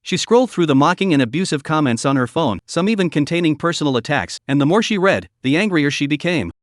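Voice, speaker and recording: Lively high-voiced male narrator. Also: fast, dry recording, studio quality. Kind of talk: scripted comic recap narration.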